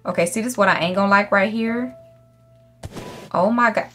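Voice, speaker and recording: A woman's voice: mid-range voice, normal speed, fairly bright tone, faint music behind. A young woman giving casual gameplay commentary, brash and profane, scolding the animals in her game. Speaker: gaming YouTuber.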